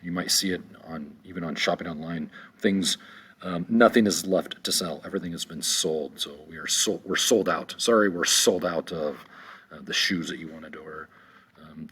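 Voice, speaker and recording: A man teaching an unscripted vocabulary lesson, halting with many ums and slowly repeating words. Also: deep voice, a bit bright, breathy edge.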